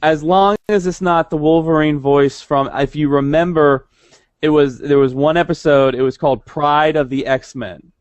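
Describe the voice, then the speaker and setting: A man's voice: a little high, steady tone, moderate pace, no echo, muffled recording. A young man co-hosting a casual podcast, rambling with many restarts. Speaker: podcast co-host. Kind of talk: casual chat.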